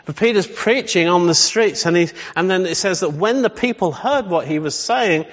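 A man's voice: sits high, moderate pace, few pauses, fairly bright tone, a little hiss or hum. A man preaching a sermon, emphatic and full of rhetorical questions. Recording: echoey hall, slightly dull sound.

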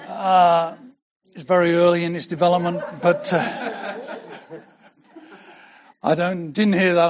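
A man's voice: high voice, lo-fi sound. An older man preaching a sermon as pastor, earnest and building to emphatic declarations.

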